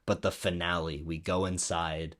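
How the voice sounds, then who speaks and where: Very low-voiced, laid-back man. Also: flat delivery, normal speed. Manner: laid-back, chuckles often. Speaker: podcast co-host. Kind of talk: casual chat.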